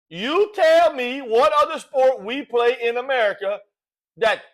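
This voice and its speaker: Cajun sports talk host, high-pitched man, folksy animated rant with rhetorical questions. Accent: Cajun Louisiana. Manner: folksy, animated, rhetorical, says "all right?" often.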